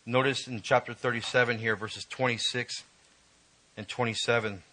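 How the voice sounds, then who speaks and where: A male preacher giving an emotional, emphatic sermon, reading scripture and rising in pitch when stirred. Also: fairly even intonation, moderate pace, bright, forceful tone, low-quality recording.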